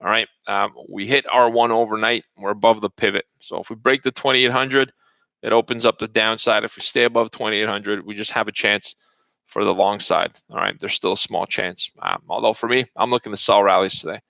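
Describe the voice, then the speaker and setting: A man's voice: lowish voice, steady tone, brisk, vocal fry, bright, forceful tone, dry recording. A man hosting a live market update stream, chatting casually and greeting viewers by name as he runs through prices. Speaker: day-trading host. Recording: dull lo-fi stream audio.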